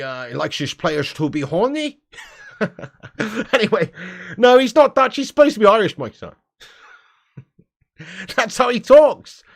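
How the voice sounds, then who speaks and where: Man, high voice, livestream host, casual chat, jokey banter, low-voiced punchlines. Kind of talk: casual live-chat commentary.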